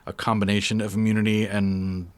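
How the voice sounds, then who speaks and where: A man's voice: lowish voice, little pitch movement, fairly quick, clear, resonant tone. A young man co-hosting a podcast in casual, rambling chat, self-deprecating and often restarting his sentences. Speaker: podcast co-host.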